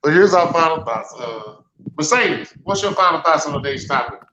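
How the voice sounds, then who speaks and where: A man's voice: fairly high pitch, lively intonation, moderate pace. Male podcast host, loose and teasing, on a noisy, echoey call line. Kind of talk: casual group podcast chat.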